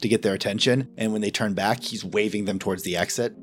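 A man's voice: fairly low pitch, fairly even intonation, fast talker, over music. A man playing a tabletop game, narrating his character's actions in the third person. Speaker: player.

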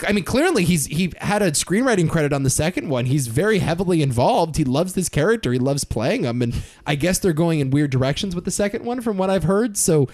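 A man's voice: fairly high pitch, very animated, fairly quick, hardly any pauses, darkish tone. A man co-hosting a podcast, chatting casually about movies and swearing now and then. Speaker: podcast co-host.

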